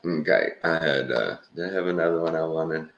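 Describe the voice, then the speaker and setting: A man's voice: rumbling low, a little fast, fairly bright tone, echoey room, a little hiss or hum. A Texan man casually rambling through a reaction video, searching aloud and retelling clips. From Texas. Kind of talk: casual commentary while watching clips.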